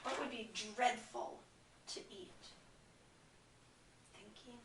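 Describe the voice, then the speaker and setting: A woman teaching a kindergarten lesson, talking slowly and clearly to small children as she reads a story aloud in a classroom. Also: a little high, noisy background. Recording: echoey classroom, far from the camera mic.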